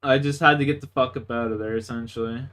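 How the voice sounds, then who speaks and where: A man's voice: medium pitch, steady tone, quick pace, a bit bright, faint music behind. A young man from Canada livestreaming a game, telling crude, boastful stories in a rambling way full of "like" fillers. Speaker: gaming livestreamer. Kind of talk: casual storytelling chat.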